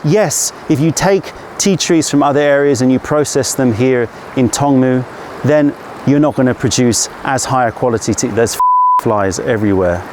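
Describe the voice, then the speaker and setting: A man's voice: medium pitch, moderate pace, background noise. A man hosting a casual behind-the-scenes tea-trip vlog outdoors in the mountains, chatty and playful, restarting his lines to camera. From England. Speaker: tea company host.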